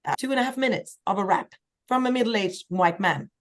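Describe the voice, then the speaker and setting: A woman from Sweden, a singer-songwriter guest telling lively stories in a casual podcast chat. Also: fairly quick. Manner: lively storyteller, acts out quoted voices with big pitch jumps.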